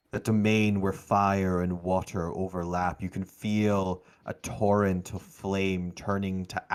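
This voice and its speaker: A man narrating as game master of a tabletop game, slow and dramatic. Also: low voice, clear, resonant tone.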